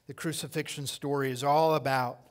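A man preaching a sermon as pastor, swinging between loud impassioned cries and hushed lines and repeating key phrases for emphasis. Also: medium pitch, steady tone, normal speed.

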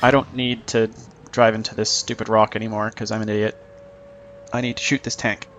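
A man's voice: on the low side, level tone, fairly quick, fairly bright tone, a little hiss or hum. A man giving casual, joking commentary over his own tank gameplay, mocking himself and chuckling often.

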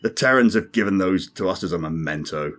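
A man's voice: low voice, expressive, brisk. A man voicing a brusque, commanding male alien starship captain who demands answers. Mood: skeptical.

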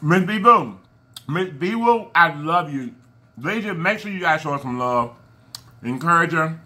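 A man hosting an eating vlog, casually and affectionately giving shout-outs to his fans and stumbling over names as he corrects himself. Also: a little high, animated, measured pace, slight background noise. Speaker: mukbang channel host. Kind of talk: casual chat to viewers while eating.

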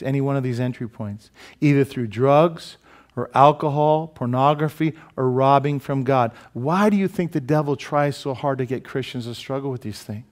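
A male pastor delivering a sermon in a church. He preaches in an animated way, cracks jokes and keeps asking his listeners questions. His voice sits at an ordinary pitch for a man. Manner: animated, joking, many rhetorical questions to the congregation. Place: church sanctuary.

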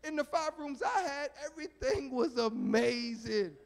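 Preacher doing a fed-up homeowner, high voice, loud and pleading, big echoey church. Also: male voice, expressive, a little slow, gravelly, full character voice. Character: man pleading with a houseguest. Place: church sanctuary.

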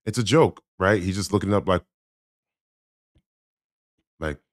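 A man's voice: low-pitched, measured pace, loud music behind the voice. A man giving blunt, critical reaction commentary on a sermon clip, speaking emphatically. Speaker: Christian commentator.

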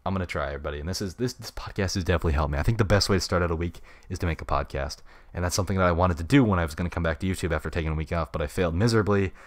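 A man's voice: low-pitched, very fast, few pauses, dry recording, clean studio sound. A young man in his late teens hosting a solo podcast from his room into a mic with a pop filter, rambling in laid-back slang. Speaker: podcast host. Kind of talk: unscripted solo podcast chat. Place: home room. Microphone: studio mic with pop filter.

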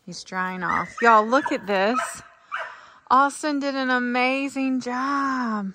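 A woman's voice: high-pitched, slow pace. A middle-aged woman, chatting casually to her viewers in a rambling vlog from outdoors on a farm. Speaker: farm vlogger. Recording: faint outdoor noise.

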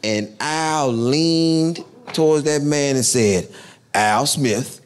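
A male comedian from Texas telling a profane, animated stand-up story. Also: on the high side, slow, background noise.

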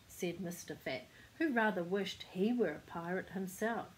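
An older woman reading a picture book aloud, gently pausing to point out the pictures to a child. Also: fairly low pitch, low-quality recording. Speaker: storyteller.

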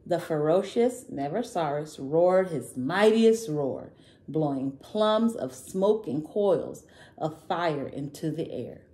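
A woman narrating a children's picture book aloud in a gentle, expressive way. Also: low voice, takes it slowly, reverberant. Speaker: children's storyteller.

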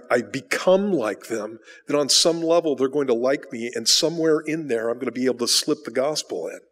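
A man preaching a sermon at a mid-range pitch, talking conversationally and putting rhetorical questions to the congregation. He often repeats a word while rephrasing a thought. The church hall adds a long reverb to his voice. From United States. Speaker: pastor. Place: church sanctuary.

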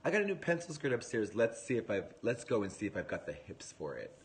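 A man's voice: low-pitched, lively intonation, a little fast. A man voicing a nagging working-class mother, brash and scolding. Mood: gushing. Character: nagging working-class Belfast mother, middle-aged woman.

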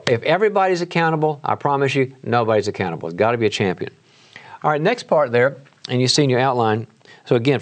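A middle-aged man giving a leadership lecture at a university, lively and conversational, acting out bits of meeting dialogue and often restarting his sentences. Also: medium pitch. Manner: animated, acts out meeting dialogue with frequent restarts. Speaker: guest lecturer.

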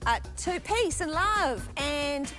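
A woman with a New Zealand accent shouting charades guesses and clues, loud, excitable and blunt. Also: high voice, slow, over loud music. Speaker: charades team captain.

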